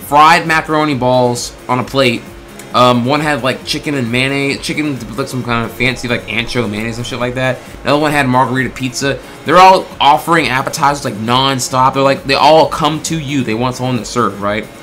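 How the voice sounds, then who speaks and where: A man tells a story in a loose, animated way, swearing freely and acting out what people said to him. His voice is bright and tense, and faint music plays underneath. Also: medium pitch, fairly quick. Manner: animated, swears a lot, lots of filler words; acts out quoted exchanges in bursts. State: throat getting tired. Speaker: streamer telling a story. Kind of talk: casual storytelling.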